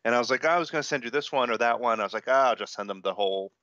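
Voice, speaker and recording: A man's voice: mid-range voice, rapid-fire, fairly bright tone, no echo. Easygoing male correspondent on a dull line. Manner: easygoing, conversational, slightly rambling. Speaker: monthly tech correspondent. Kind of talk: casual tech talk chat.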